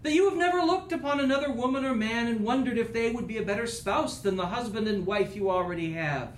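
A man's voice: very high voice, fast talker, reverberant, slight background noise, rough recording. A man preaching a sermon as pastor, with an earnest, rising and falling preaching cadence.

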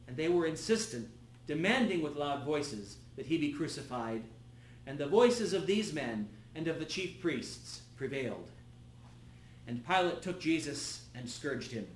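A man giving a solemn, measured liturgical scripture reading. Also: a little high. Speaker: scripture reader. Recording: echoey room.

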